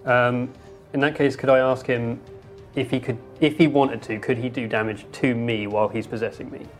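Man, tabletop player, excitable, chatty, faint music behind. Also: medium pitch. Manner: excitable, quick reactions. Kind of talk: casual tabletop play.

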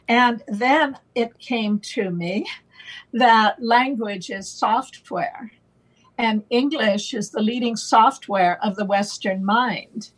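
Slow, husky-voiced woman guest. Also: medium pitch, rough recording. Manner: playful wordplay, slow and deliberate, laughs often. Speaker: guest on a talk show. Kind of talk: relaxed conversational explanation.

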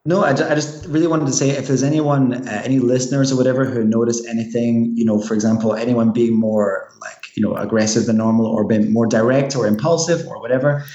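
A man's voice: mid-range voice, steady tone, fast, few pauses, warm tone, highs cut off. A man with a Glaswegian Scottish accent, an astrologer chatting casually on a podcast, rambling with lots of restarts and fillers. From Scotland. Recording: roomy echo.

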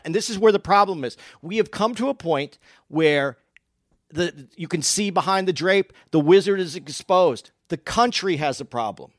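A man's voice: high-pitched, a bit bright, dry recording, clean studio sound. Insistent man in a political argument. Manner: insistent, interrupting, repeats points. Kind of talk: casual political debate.

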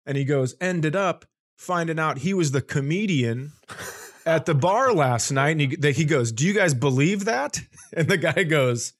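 A man whose voice sits on the high side speaks a little slowly while guesting as a comedian on a podcast. His long, lively anecdote features acted-out quotes and frequent laughter.

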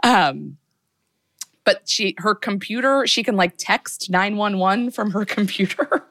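A woman's voice: mid-range voice, measured pace, a bit bright. A woman co-hosting a podcast, recapping a movie in a casual, chatty way with lots of fillers. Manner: chatty, filler-heavy, laughs often. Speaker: podcast co-host.

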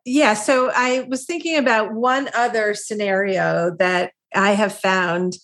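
A woman's voice: mid-range voice, fairly even intonation, measured pace, a bit bright. A woman co-hosting a parenting podcast, sharing her experience as a mother in a reflective, conversational way. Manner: reflective, conversational, many fillers like "like" and "I mean". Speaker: podcast co-host. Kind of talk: casual chat.

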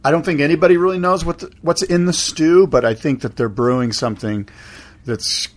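A man's voice: a little high, fairly quick. A middle-aged man co-hosting a casual podcast chat, playful and teasing, quizzing his partner. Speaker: podcast co-host.

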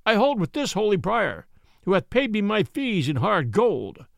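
A cowardly man of law, played by a man reading the tale, whose voice trembles and goes shrill. He sounds high-pitched and jumpy, with a rough edge, recorded dry. It comes across as a storybook character. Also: wildly swooping pitch, moderate pace, dry recording, exaggerated voice. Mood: nervous. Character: timid, self-serving lawyer, shrill.

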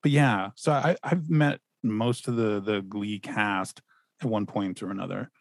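A man on a casual podcast, speaking in a measured, hesitant way with restarts. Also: on the low side, fairly even intonation, no echo, studio quality. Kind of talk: casual chat.

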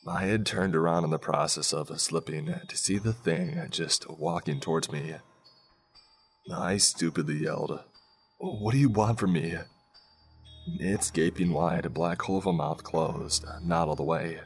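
A man narrating a first-person scary story in a slow, hushed way, with soft music behind him. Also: very deep voice, steady tone. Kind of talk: scripted horror story narration. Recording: faint background music.

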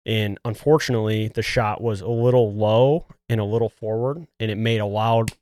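A man's voice: on the low side, normal speed, no echo, studio quality. A man hosting a podcast, casually and animatedly telling a hunting story with a lot of "dude.". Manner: animated, acts out quotes, says "dude" often. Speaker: podcast host.

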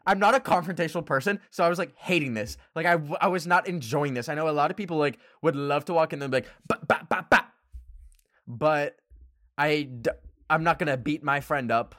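A young man from Canada casually telling a personal story, animated, laughing often and swearing casually. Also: on the high side, fast talker, no echo, clean studio sound. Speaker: vlogger.

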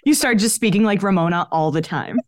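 A woman's voice: medium pitch, lively intonation, fairly quick, no room sound, clean studio sound. A woman co-hosting a podcast, chatting and gossiping about pop culture in a casual, chatty way, often saying "like". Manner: chatty, gossipy, frequent "like" fillers. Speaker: podcast co-host.

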